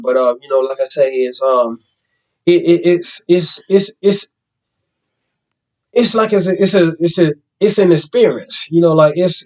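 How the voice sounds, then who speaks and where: A man's voice: on the high side, a little mellow, low-quality recording. Rambling man hosting a dog vlog. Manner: rambling, repeats "like I say" and restarts often. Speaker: host. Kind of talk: casual vlog talk.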